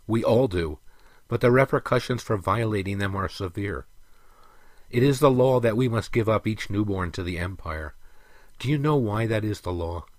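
A man reading the part of a stern, weary elf king who lectures his son in a firm, measured way. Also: fairly low pitch, no room sound, close to an everyday voice. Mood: earnest.

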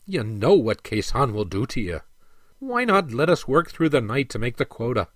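A man's voice: medium pitch, big pitch swings, normal speed, fairly bright tone, no room sound. A man voicing a worried dwarf prince who speaks earnestly and pleadingly. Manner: pleading, earnest, a little raised. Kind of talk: audiobook character reading.

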